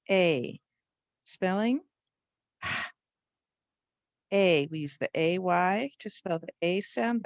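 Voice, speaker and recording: A woman's voice: on the low side, dry recording. A woman teaching a spelling lesson to young children, patiently sounding out letters and words.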